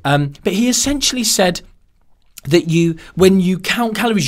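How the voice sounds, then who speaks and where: A man hosting a podcast in a casual monologue, animated and sarcastic, wandering off on tangents. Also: high-pitched, moderate pace. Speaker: podcast host.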